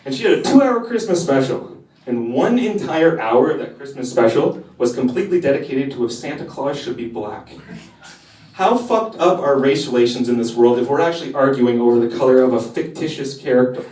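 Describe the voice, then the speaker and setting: A young man does a crude stand-up set on a cafe stage before a live audience, swearing and working the crowd. His medium-pitched, slightly mellow voice is brisk with lively intonation, heard from a distance in an echoey room as the crowd laughs.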